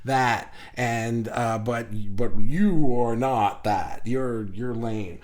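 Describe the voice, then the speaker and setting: A man's voice: mid-range voice, very slow. A man hosting a live stream, reading viewers' comments aloud and riffing on them in a rambling, self-mocking way. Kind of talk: casual live-stream chat.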